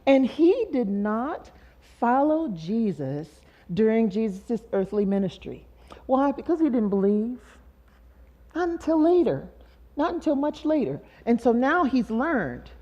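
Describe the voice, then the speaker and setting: A woman's voice: on the high side, measured pace. Laughing woman teaching scripture, lo-fi. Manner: warm, laughing, expressive. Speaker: guest speaker. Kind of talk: conversational Bible teaching.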